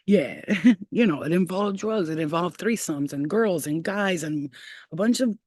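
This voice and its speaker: A woman's voice: on the low side, lively intonation, unhurried, a little mellow, dry recording. Brief: woman in her thirties, livestream host, candid storytelling full of cursing and laughter, dry close sound. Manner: blunt, profane, laughs often. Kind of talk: casual storytelling to live chat.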